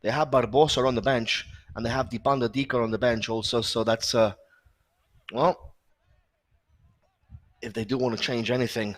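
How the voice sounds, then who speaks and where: A man commentating a live football match, calling play-by-play briskly with short filler pauses. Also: mid-range voice, steady tone.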